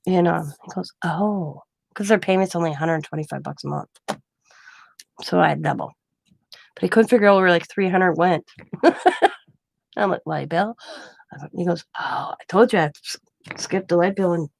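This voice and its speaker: A middle-aged craft vlogger chats casually at home, telling stories, acting out what people said, and often laughing mid-sentence. Her voice is lowish and a little mellow, at normal speed, in a dry recording.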